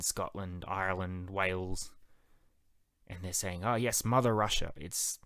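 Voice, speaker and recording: A man's voice: fairly low pitch, a bit bright, no echo. A man reviewing a TV series in a casual, enthusiastic, conversational monologue. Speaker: TV show reviewer.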